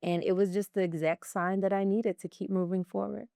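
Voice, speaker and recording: A woman guest in an interview, telling personal stories in an animated, heartfelt way. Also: medium pitch, a little fast, creaky, no room sound, clean studio sound. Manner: animated storyteller, acts out her own excitement. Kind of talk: conversational interview.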